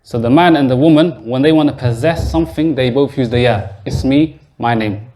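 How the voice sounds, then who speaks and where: A man's voice: medium pitch, brisk, dark tone. Man teaching a patient grammar class. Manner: patient, explains step by step and quizzes students. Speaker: Arabic teacher. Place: mosque classroom.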